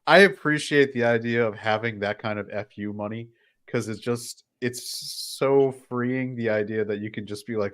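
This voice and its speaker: A man's voice: medium pitch, normal speed, fairly bright tone. A man co-hosting a podcast, making dry, wry asides in casual banter. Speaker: podcast co-host. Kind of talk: casual banter among friends.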